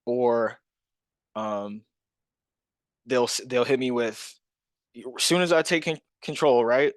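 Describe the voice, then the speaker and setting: A man's voice: medium pitch, unhurried, long pauses, dry recording, clean studio sound. A man coaching on real estate wholesaling calls, punchy and emphatic, acting out phone conversations with energy. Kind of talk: energetic sales coaching monologue.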